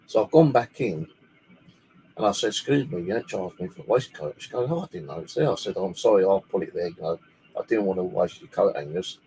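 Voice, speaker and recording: A man with a lowish voice tells a story in a loose, rambling way. He swears freely as he talks. There is a faint hiss behind him in his bedroom. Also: fairly quick, warm tone, rough recording. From United Kingdom. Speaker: paranormal channel host. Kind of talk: casual storytelling.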